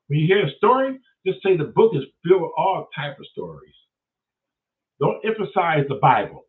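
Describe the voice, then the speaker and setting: A man's voice: fairly high pitch, far from the mic. A man hosting his own show, swearing constantly and retelling Bible stories in street talk. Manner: swears constantly, acts out characters in voices. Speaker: host. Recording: tinny phone-like sound, voice off-mic.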